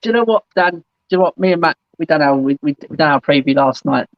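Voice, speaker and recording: A man's voice: fairly high pitch, lively intonation, quick pace, dry recording. A man hosting a fan call-in show, chatting casually and saying "mate" and "absolutely" a lot. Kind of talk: casual football chat. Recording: dull dry lo-fi sound.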